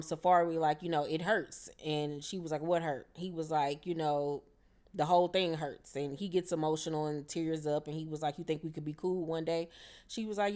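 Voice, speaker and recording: Lower-voiced woman recapping reality TV. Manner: chatty, slangy, quotes the cast in lively voices. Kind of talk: casual reality show recap.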